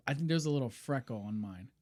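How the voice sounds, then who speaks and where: A man's voice: medium pitch, lively intonation, normal speed, darkish tone. A man co-hosting a casual podcast, joking and teasing his co-host. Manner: jokey, teasing banter.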